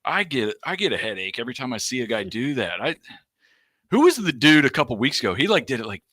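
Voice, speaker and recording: Man, sports co-host, lively storyteller doing sound effects; bright voice, dry recording. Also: medium pitch, fast talker, dry recording. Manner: animated storyteller, acts out yelling and sound effects. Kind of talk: casual sports chat.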